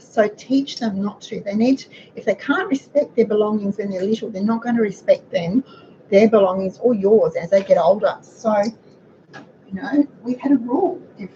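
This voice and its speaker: A middle-aged woman with a croaky voice, chatting to viewers while she cooks in her home kitchen. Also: medium pitch, dark tone. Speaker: cooking show host. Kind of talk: casual cooking demonstration. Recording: dull lo-fi audio with background noise.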